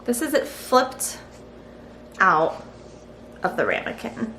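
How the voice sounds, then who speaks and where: A woman's voice: on the high side, wildly swooping pitch, slow pace, bright, forceful tone. A woman testing a recipe in her home kitchen for a cooking vlog, chatty and frank, thinking aloud as she goes. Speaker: cooking vlogger. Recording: roomy kitchen echo, faint hiss.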